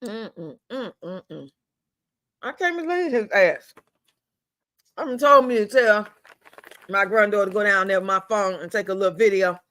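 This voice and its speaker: A man's voice: high-pitched, moderate pace, pushed and bright. An older man, venting angrily and profanely on a home live stream and repeating himself as he fumes. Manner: fuming, profane, repeats himself, drawls some words out. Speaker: livestream host.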